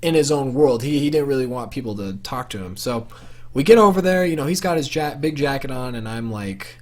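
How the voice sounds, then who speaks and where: A man's voice: medium pitch, animated, fairly quick, darkish tone. A young man telling a personal story to camera for his vlog in a casual, rambling way, full of fillers and restarts. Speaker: vlogger.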